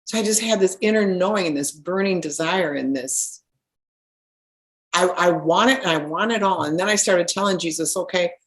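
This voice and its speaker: A woman of middle age with a somewhat low voice recounts her own spiritual journey. She talks earnestly and with feeling, often restarting a sentence as she goes. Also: moderate pace. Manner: earnest, animated storytelling with frequent restarts. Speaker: spiritual healer. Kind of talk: personal storytelling.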